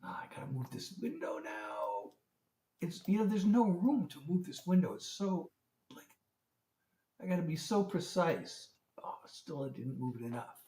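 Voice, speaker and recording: A man's voice: high voice, big pitch swings, moderate pace, dark tone, distant mic. Chatty man on an echoey livestream. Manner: chatty, greets viewers by name, fumbles with setup. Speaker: singer-songwriter hosting a livestream. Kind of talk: casual livestream chat. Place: room at home lit by a ring light. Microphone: phone. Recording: echoey room, voice heard from off the mic.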